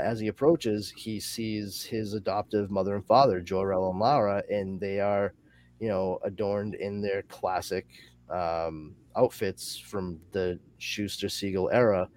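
A male podcast host chatting casually, summarizing a comic in a rambling, animated way with lots of fillers. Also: lowish voice, a little slow. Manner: rambling and animated, with many fillers and excited asides.

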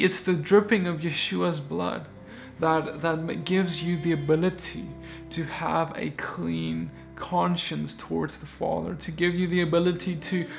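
Earnest man preaching over soft music. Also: on the high side, vocal fry. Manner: earnest, emphatic, many restarts. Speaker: Bible teacher. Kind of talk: informal sermon video.

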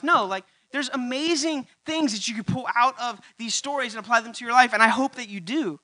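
High, bright-voiced preacher man. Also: fairly quick, few pauses. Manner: rising to loud emphatic peaks, repeating key lines. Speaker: pastor. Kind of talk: sermon.

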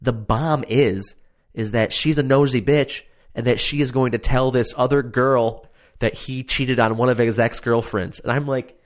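A man's voice: mid-range voice, steady tone, measured pace. A man casually ranting about a reality show he watched, profane, sarcastic and exasperated. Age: adult. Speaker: show reviewer.

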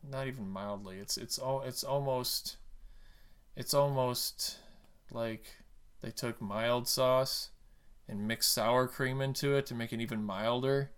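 A man's voice: mid-range voice, fairly even intonation, slow, a bit bright, smooth. A man co-hosting a casual podcast, rambling about TV and games with dry jokes and trailing restarts. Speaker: podcast co-host.

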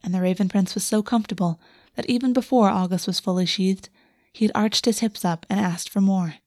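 A woman reading a fantasy romance aloud as narrator, in a soft, steady storytelling voice on a close microphone. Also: medium pitch, a little fast, dry recording. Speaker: audiobook narrator. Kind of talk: scripted narration.

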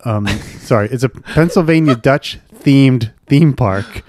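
Man, podcast co-host, rambling casual chat, mid pitch, dry close sound. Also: takes it slowly, a little mellow, no room sound.

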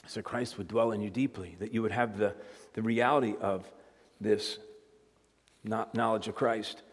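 A man preaching as a guest speaker, moving between quiet conversational asides and emphatic rising points. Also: mid-range voice, husky. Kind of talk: sermon. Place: church sanctuary. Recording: long hall reverb.

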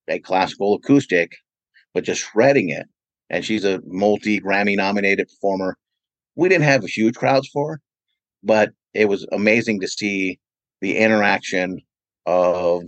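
A man's voice: lowish voice, dry recording, poor audio. A man who promotes events, answering interview questions with long, rambling anecdotes full of "you know". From California, USA. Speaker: event promoter and radio DJ, podcast guest. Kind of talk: casual interview storytelling.

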